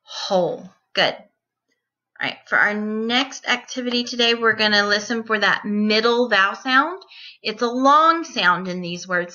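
A woman teacher giving a distance-learning phonics lesson to young children, repeating each word and sounding it out deliberately. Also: mid-range voice, sharp tone, dull audio.

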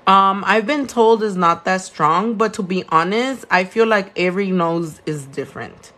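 A young woman with a Californian accent, a nail tech who owns her shop, chats casually on a live stream while doing nails, answering viewer questions and slipping Spanish words into her English. Her voice is medium in pitch with a sharp tone, and she speaks at a normal speed.

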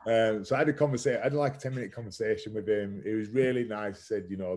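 Talking fast and barely pausing, a thirty-something podcast guest shares his story in a casual, frank way. His voice is lowish and a little mellow, and he swears occasionally and says "like" often.

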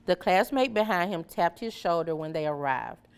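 Woman storybook reader, clear and measured, slightly low pitch. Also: expressive. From Memphis area, USA. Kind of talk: reading a children's story aloud.

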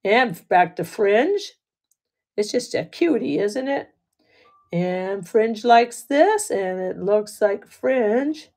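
A woman with a raspy voice hosts a live jewelry sale, speaking slowly and unhurriedly. She chats and laughs with her viewers as she shows each piece and thanks every bidder by name. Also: medium pitch, lively intonation, darkish tone. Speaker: livestream jewelry seller. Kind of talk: live auction selling chat.

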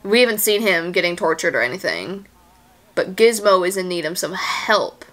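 A woman's voice: lowish voice, big pitch swings, normal speed, a bit bright. A woman giving casual commentary as she reacts to a movie, exclaiming and gasping at the screen, anxious and near tears for the characters.

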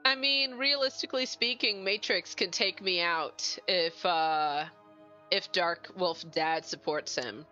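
A woman streaming a board game, chatting casually and mocking her own choices with rapid, animated questions. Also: on the low side, highs cut off, faint music behind. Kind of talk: casual live-stream chat.

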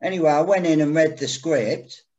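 Male host, casual chat: rambling, hesitant, slightly high voice, lo-fi audio. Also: moderate pace, a little mellow. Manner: rambling, hesitant, many fillers. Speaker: podcast host. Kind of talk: casual podcast interview.

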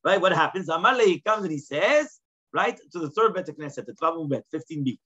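Male Talmud teacher, fairly high husky voice, casual class, dull lo-fi recording. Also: expressive, fairly quick, bright, forceful tone. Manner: reads Aramaic lines, then explains them in plain English, often asking "right?".

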